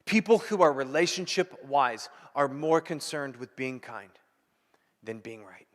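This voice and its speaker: A man preaching a sermon as pastor, emphatic, repeating key phrases and dropping from loud to hushed. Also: medium pitch, lively intonation, measured pace, big-room sound.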